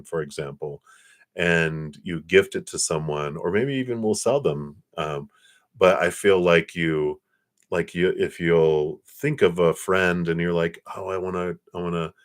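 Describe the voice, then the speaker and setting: A deep, low-voiced man reads tarot cards on a live stream. He speaks gently and reassuringly, wandering through his thoughts with fillers and restarts. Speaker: tarot reader.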